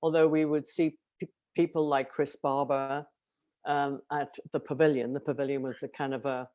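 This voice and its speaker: An older woman from Liverpool with a softened Liverpool accent, chatting as an interview guest and telling stories. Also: extremely low pitch, flat delivery. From England. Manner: chatty storyteller, quick affirmations. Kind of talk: casual interview chat.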